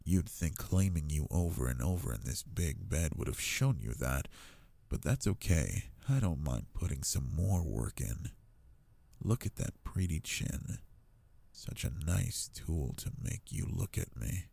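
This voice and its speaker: A man playing a possessive, doting alpha lover in an intimate audio role-play, talking in a low, teasing way. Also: lively intonation, measured pace, vocal fry, mellow, exaggerated voice.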